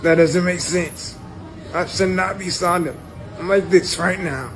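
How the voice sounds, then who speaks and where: Frustrated young man, high voice. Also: rough recording. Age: young adult. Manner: frustrated, halting, restarts sentences. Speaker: shooting victim. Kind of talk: recorded personal statement. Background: music.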